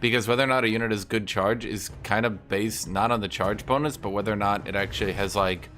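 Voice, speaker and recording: A man's voice: on the low side, steady tone, fast talker, fairly bright tone. A man hosting a gaming video, chatting casually and profanely as he thinks aloud through his moves. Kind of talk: casual gameplay commentary.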